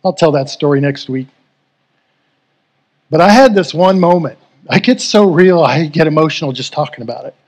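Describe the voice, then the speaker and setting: A man's voice: a little high, lively intonation, moderate pace, pauses often. A middle-aged man preaching a sermon as pastor, earnest and emotional, telling a personal story and leading prayer. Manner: earnest, emotional, rising to fervent.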